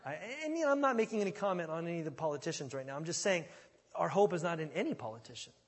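Speaking very fast and with great animation, this slightly high-voiced man preaches an expository sermon. His folksy, conversational delivery is full of restarted words as he thinks on his feet, all echoing in the long reverb of a big hall.

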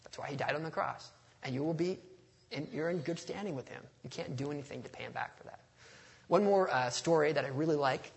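A man's voice: on the high side, brisk, vocal fry. A man preaching a sermon in a conversational, storytelling way, with touches of humor and a passage read aloud.

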